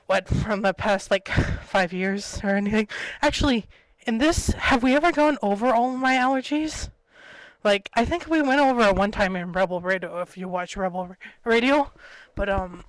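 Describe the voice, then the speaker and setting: A woman's voice: medium pitch, no room sound, poor audio. A young woman vlogging casually to her webcam at home, chatty and giggly, jumping from story to story. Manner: chatty, giggly, jumps between stories. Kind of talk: rambling casual webcam vlog. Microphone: built-in webcam mic.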